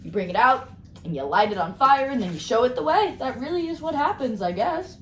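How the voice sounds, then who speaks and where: A woman giving a casual tarot card reading, bubbly and rambling as she talks excitedly. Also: high voice, a little fast, roomy sound, a little hiss or hum. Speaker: tarot reader.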